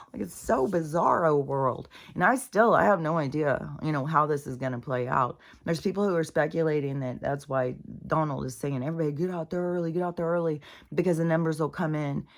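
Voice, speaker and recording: Low-pitched middle-aged woman, spiritual vlogger, blunt, profane, animated chatter. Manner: animated, swears freely, acts out quoted voices. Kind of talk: casual rambling monologue.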